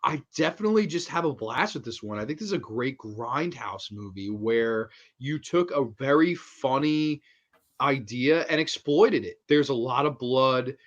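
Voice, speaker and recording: A man's voice: mid-range voice, expressive, normal speed, highs cut off. A man hosting a casual horror movie review chat, enthusiastic and laughing as he retells scenes, swearing freely. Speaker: horror movie podcast host.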